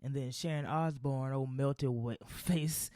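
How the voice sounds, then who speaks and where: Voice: medium pitch, fairly even intonation, measured pace, mellow, no room sound, studio quality. A podcast host ranting in a blunt, sarcastic, profane way, rambling with lots of fillers and restarts. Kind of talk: casual solo podcast rant.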